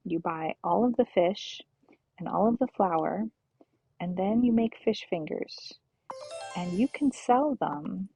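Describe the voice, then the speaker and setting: A woman streaming a relaxed game, talking slowly and softly, often half-whispering as she goes. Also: medium pitch, no room sound. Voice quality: gravelly, husky. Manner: slow, soft-spoken, often half-whispered. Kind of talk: relaxed gameplay commentary.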